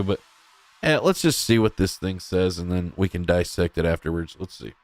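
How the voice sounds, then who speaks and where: A man's voice: deep voice, animated, normal speed, over music. A man hosting a loose news commentary stream, reacting to clips as they play. He talks casually with a sarcastic, mocking edge and a lot of jokes. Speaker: host.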